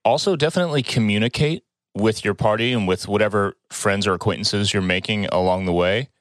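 Lowish male voice, friendly co-host who asks the questions, dry close sound. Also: a little fast, no room sound. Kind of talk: casual chat.

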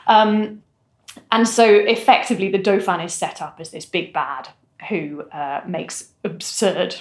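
A woman discussing history in a casual, animated way, with occasional fillers. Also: fairly low pitch, unhurried. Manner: animated, articulate, frequent fillers. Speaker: historian guest. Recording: roomy echo.

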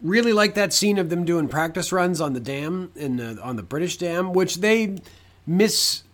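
A man's voice: high-pitched, expressive, normal speed, fairly bright tone. A man co-hosting a podcast, chatting casually about a film, swearing freely. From Canada. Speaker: podcast co-host.

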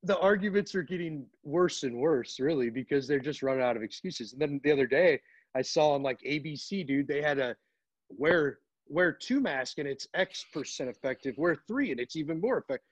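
A man's voice: fairly high pitch, lively intonation, fairly quick, breathy edge, no room sound, muffled recording. A man chatting casually, telling laid-back stories and acting out exchanges with store staff. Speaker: podcast guest. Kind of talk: casual chat.

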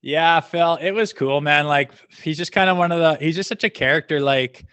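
A man's voice: on the high side, normal speed, fairly bright tone, clean tone, no echo. Laid-back male storyteller, dry close sound. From Canada. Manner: laid-back, laughing, swears freely. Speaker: podcast guest, former hockey player. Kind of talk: casual storytelling.

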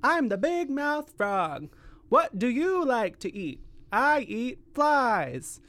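A man voicing a boastful big-mouthed male frog in a told joke, loud and drawn out. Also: very high-pitched, very animated, no echo, voice pushed up, exaggerated voice. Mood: cheerful. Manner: loud, drawn-out cartoonish greeting.

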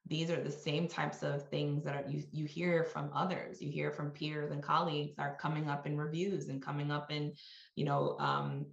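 Low-voiced middle-aged woman in a roomy space. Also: level tone, normal speed, creaky. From New York. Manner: reflective, peppered with "you know" and "right?". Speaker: executive guest. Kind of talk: conversational interview. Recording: roomy, slightly dull sound.

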